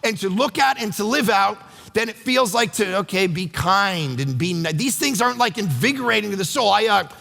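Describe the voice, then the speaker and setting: A middle-aged male pastor preaching with a high, bright, forceful voice and a gravelly edge. He is animated and acts out his quotes. The sound carries a long church-hall reverb with faint music underneath. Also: moderate pace. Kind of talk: sermon. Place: church sanctuary.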